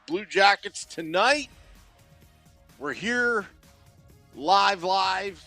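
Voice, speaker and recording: A man's voice: sits high, animated, extremely slow, pauses often, sharp tone, faint music behind. A man hosting a hockey recap podcast in a playful, self-aware reporter voice, recorded on a studio mic. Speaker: podcast host.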